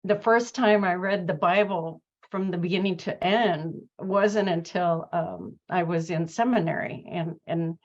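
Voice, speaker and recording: A woman's voice: lowish voice, fairly even intonation, unhurried, hardly any pauses, a little mellow, dull audio. A woman hosting a conversation who tells a personal story, reflective and full of fillers and restarts. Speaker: host. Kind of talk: conversational interview chat.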